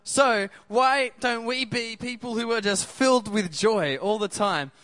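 A man's voice: very high voice, a little slow, a bit bright, dry recording. A man preaching a sermon in an upbeat way, often asking the crowd questions.

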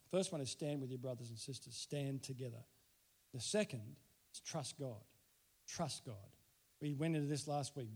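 A middle-aged man preaching a sermon, emphatic, repeating key phrases and slowing down to stress them. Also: a little high, a little mellow. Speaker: pastor.

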